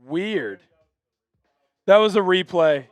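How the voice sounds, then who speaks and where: A man with a high voice hosts a fan live stream and calls the plays himself. He talks in an excitable, chatty way and is quick to say sorry. His voice sounds close and dry, with faint music underneath. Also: dry recording.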